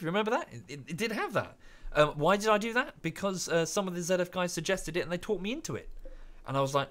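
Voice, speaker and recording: Man, British accent, young adult, game streamer, casual rambling rant, very lively pitch. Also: fairly quick. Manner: rambling, self-correcting, animated rant. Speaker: streamer and YouTuber. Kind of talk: casual live-stream chat while gaming.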